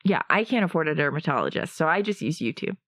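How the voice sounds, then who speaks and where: Dry-witted woman comic, low voice. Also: very animated, fast, fairly bright tone, no echo. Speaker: stand-up comedian guest. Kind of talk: casual comedy podcast chat.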